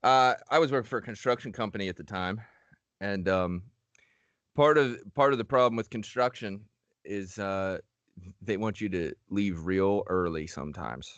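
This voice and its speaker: A man co-hosting a podcast, talking in a laid-back, casual way with lots of pauses and fillers and some swearing. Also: fairly low pitch, fairly bright tone, no room sound, dull audio. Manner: laid-back, hesitant with many fillers, profane. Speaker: podcast co-host. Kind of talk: casual storytelling chat.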